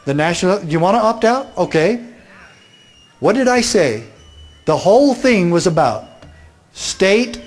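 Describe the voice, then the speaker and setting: A man giving a political speech, making his points emphatically and asking rhetorical questions. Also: sits high. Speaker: speaker.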